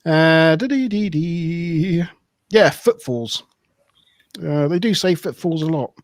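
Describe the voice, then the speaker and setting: A man's voice: a little high, animated, takes it slowly, no room sound. A man hosting a casual episode recap over a video call, rambling, correcting himself and laughing often. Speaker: podcast host.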